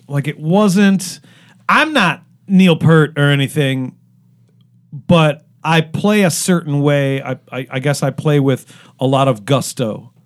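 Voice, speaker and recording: Rambling middle-aged man telling stories. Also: on the high side. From Cleveland, Ohio. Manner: rambling with many fillers and restarts. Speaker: guest musician. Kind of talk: casual interview storytelling.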